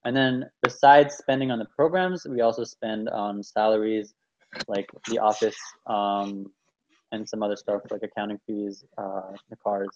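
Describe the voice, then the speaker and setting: A man's voice: fairly low pitch, steady tone, measured pace, darkish tone, a little hiss or hum. Man, hesitant, lots of ums, muffled lo-fi call audio. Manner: hesitant, many fillers. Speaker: meeting presenter. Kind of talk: casual video call meeting.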